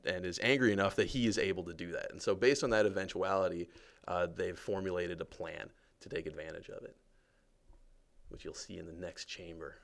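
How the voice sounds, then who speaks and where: Low, gravelly-voiced man narrating a game tour. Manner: relaxed, chatty, lots of fillers and jokes. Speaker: game developer guiding a livestream tour. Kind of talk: casual livestream commentary.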